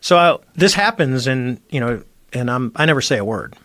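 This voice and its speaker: A middle-aged former Navy squadron commander with an animated, mid-range, fairly bright voice tells his story at normal speed as a guest in a podcast studio, with no echo. It's a casual storytelling interview, and he acts out the voices of the people he quotes.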